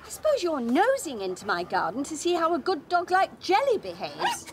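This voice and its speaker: A woman's voice: extremely high pitch, wildly swooping pitch, moderate pace, heavy background noise, exaggerated voice. An actress playing a prim, disapproving neighbour who scolds from her garden. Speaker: fussy neighbour. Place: outdoors in a garden.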